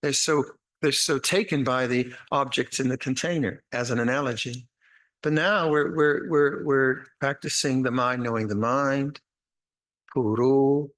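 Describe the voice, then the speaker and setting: Older monk guy giving a slow thoughtful dharma talk, medium pitch, keeps restarting his sentences, bit of dry humor. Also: steady tone. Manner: unhurried and reflective, with frequent restarts and gentle humor. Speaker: monastic meditation teacher. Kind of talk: dharma talk with guided instructions. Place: retreat meditation hall.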